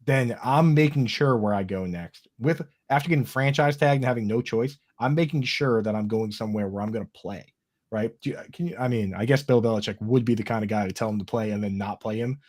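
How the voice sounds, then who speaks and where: A man's voice: medium pitch, a little mellow. A man fantasy football analyst giving blunt, confident opinions in a casual panel chat.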